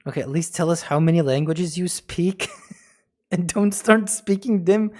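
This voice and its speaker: Slow-talking joking streamer man. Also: sits high, a little mellow. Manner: joking and profane, breaking into mock foreign phrases; laughs often between lines. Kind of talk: casual livestream chat.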